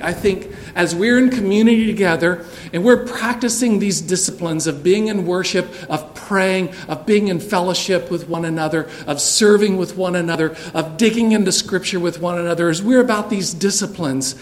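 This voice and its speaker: A middle-aged man, preaching a sermon in a church sanctuary, telling a personal story earnestly and dropping soft and low for tender moments. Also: moderate pace, few pauses. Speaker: pastor.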